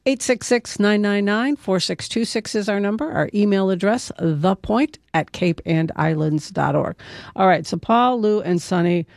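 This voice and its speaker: A woman radio host with a gravelly, fry-tinged voice steers the interview with steady questions. Her voice sounds close and dry, as from a studio mic with no room around it. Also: medium pitch, normal speed, no room sound.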